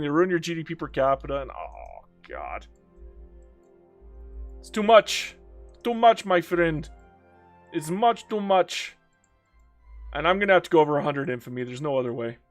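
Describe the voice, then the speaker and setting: A young man with a slightly high voice, tired from hours of streaming a strategy game. He mutters at the game, groans, and cracks jokes as he plays. Soft music plays faintly underneath. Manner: talks to himself and the game, groaning and joking. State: worn out after many hours of play. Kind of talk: live-streamed strategy gameplay commentary.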